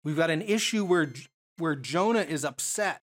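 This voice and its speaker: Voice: mid-range voice, lively intonation, normal speed. Preacher teaching a bible passage, chatty, lots of questions to the crowd, restarts a lot. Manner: conversational, many rhetorical questions and restarts.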